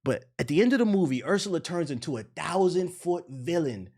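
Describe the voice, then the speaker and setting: A man's voice: a little high, animated, a little fast, a little mellow. A young man streamer ranting in casual, profane commentary, now and then mocking voices.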